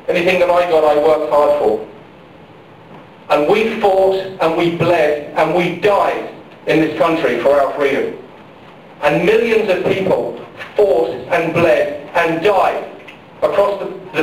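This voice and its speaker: A middle-aged man giving an impassioned political speech at a public forum, repeating questions and phrases for emphasis. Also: on the high side. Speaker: campaign speaker at a public forum. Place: large public hall during a power failure. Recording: very echoey hall, picked up from far off, faint noise.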